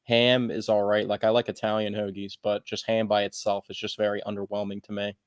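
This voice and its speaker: A man's voice: fairly low pitch, monotone, fairly quick, no room sound, studio quality. A man co-hosting a casual sports podcast, teasing his partner and steering the topics. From Philadelphia area. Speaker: podcast co-host.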